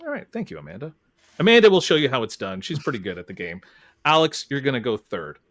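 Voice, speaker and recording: A man hosts a podcast in a chatty, casual way and walks the guests through the rules of a game. His pitch rises and falls a lot as he talks. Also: big pitch swings, quick pace, a bit bright. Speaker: podcast host. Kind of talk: casual chat, hosting a game.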